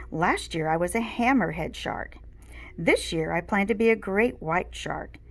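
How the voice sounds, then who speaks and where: A woman reads a children's book aloud in an unhurried, expressive way. Her pitch rises and falls freely, and she lets each sentence land slowly. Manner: slow, expressive storytelling. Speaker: storyteller reading aloud.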